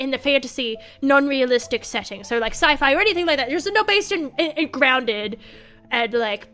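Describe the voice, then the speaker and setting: A woman VTuber chatting casually on stream, rambling and animated, full of fillers and restarts. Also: high-pitched.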